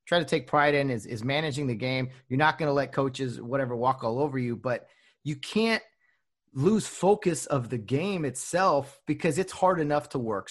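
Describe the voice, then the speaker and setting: A man interviewing his former basketball coach, reminiscing casually and laughing often. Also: medium pitch. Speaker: interviewer, former player and official.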